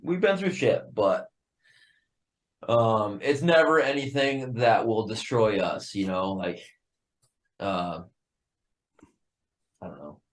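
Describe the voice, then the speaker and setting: A man from a metal band, a guest on a casual podcast. He talks in an excitable, profane way and laughs often. His voice sits a bit low. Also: slow, pauses often.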